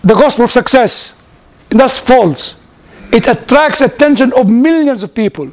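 Mann mit sehr hoher Stimme und fremdem Akzent, erzählt Anekdoten vor einer Gemeinde, wiederholt Wörter und lacht leise. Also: male voice, very high-pitched, lively intonation, moderate pace. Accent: foreign accent in English. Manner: storytelling, repeats words, chuckles at his own anecdotes. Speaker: church speaker answering audience questions. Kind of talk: informal Q&A teaching.

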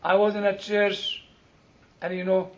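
High-voiced man preaching slowly. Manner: animated, humorous storytelling with quoted exchanges. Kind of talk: sermon. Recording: dull lo-fi recording.

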